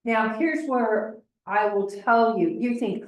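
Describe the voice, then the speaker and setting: A woman's voice: a little high, slow pace. Chatty Midwestern woman teaching a class. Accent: Midwestern American. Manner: chatty, animated storytelling with acted-out quotes. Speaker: real estate trainer. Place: training classroom. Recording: echoey room.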